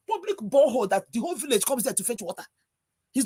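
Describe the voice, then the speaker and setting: A woman's voice: sits high, big pitch swings, quick pace, a little mellow, breathy edge. A woman with a Nigerian accent, speaking as a panelist on a live stream over a video call, ranting in anger with one rhetorical question after another. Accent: Nigerian English. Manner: angry, exasperated rant with repeated rhetorical questions.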